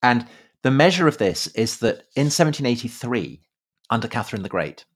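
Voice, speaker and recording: A man co-hosting a podcast in a casual conversational style, halting often with fillers and repeated words. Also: mid-range voice, sing-song, slightly rough. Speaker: podcast co-host. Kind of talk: casual conversational history chat.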